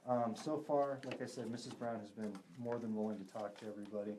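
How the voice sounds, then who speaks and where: A man hosts a ghost hunt in a room of a historic house, speaking to the spirits as a psychic medium. His voice is mellow and warm, and his manner is upbeat, with easy laughs. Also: lowish voice, fast talker, a little hiss or hum. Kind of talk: live event chat.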